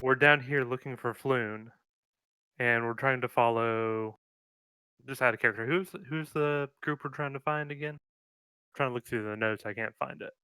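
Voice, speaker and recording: Male player, crisp and bright, casual and matter-of-fact, dry close sound. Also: mid-range voice, fairly even intonation, normal speed, dry recording. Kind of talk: playing a tabletop game.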